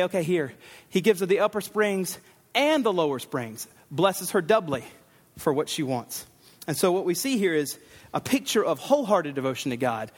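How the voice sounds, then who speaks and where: A man preaching a sermon as pastor, animated, acting out the lines of the people in his text. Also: high-pitched, big-room sound. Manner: animated, acts out Bible figures' lines.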